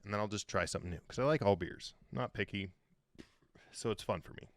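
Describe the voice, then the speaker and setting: A man's voice: lowish voice, fairly quick, no room sound, studio quality. A man telling a funny story as a podcast guest, swearing and joking casually. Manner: animated, profane, joking.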